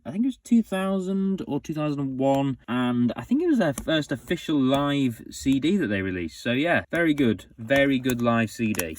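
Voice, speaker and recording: Young male vlogger, casual and excitable, ordinary middle pitch. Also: no room sound. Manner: enthusiastic, chatty, frequent fillers. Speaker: music collector vlogger. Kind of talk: casual show-and-tell vlog.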